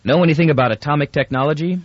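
A man's voice: on the high side, racing, highs cut off, voice pushed up, natural voice. A male narrator voicing a brusque, bureaucratic male inspector who fires off clipped questions in an audiobook. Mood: curt. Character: curt officious male border inspector, brusque.

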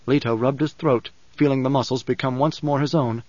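A man narrating an audiobook in a measured, dramatic reading style. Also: mid-range voice, fairly even intonation, a little mellow, dry recording. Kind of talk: scripted narration. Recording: dull, dry recording.

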